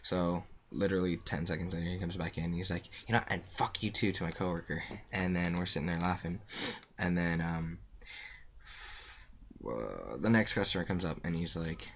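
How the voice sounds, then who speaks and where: Low-voiced young man rambling casually. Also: moderate pace, muffled recording, a little hiss or hum. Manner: rambling, offhand, lots of fillers. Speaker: vlogger. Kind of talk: casual storytelling.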